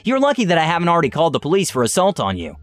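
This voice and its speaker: A man's voice: a little high, huge pitch swings, racing, no echo, faint music behind. A man voicing a fed-up shopper who keeps insisting he is not an employee, with emphatic, exasperated retorts. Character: fed-up large man shopper, non-confrontational but angry.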